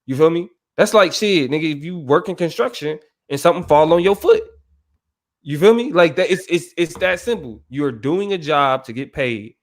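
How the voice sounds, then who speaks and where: A man's voice: on the high side, lively intonation, moderate pace. Emphatic podcast co-host, a man. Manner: emphatic, keeps asking "you feel me". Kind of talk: casual podcast discussion.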